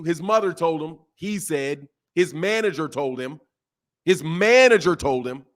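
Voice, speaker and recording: A man giving a casual boxing commentary rant, animated and full of repeated rhetorical questions. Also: on the high side, unhurried.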